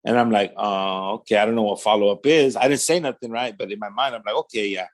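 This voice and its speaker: A man's voice: on the low side, fast. A man with a Southern California accent telling his testimony in casual storytelling style, acting out the voices in his quotes and filling with "man" and "right?". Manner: conversational, fillers like "man" and "right?".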